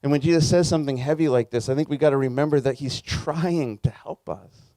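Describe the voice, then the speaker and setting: A man's voice: a little high, fairly quick, warm tone, no room sound. A man preaching a sermon as a pastor, in a conversational, earnest way, with frequent restarts.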